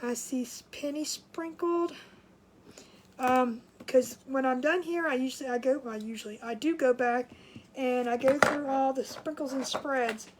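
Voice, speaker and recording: Chatty woman livestreaming her crafts, a bit out of breath, higher-pitched voice. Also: measured pace, background noise. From Maryland, USA. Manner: chatty, greets viewers by name. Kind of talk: casual live chat while crafting.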